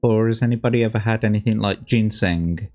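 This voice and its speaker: A man's voice: on the low side, a little fast, darkish tone, faint music behind. A man casually commenting on a livestream, rambling and sweary with plenty of slang. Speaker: streamer reacting to old adverts.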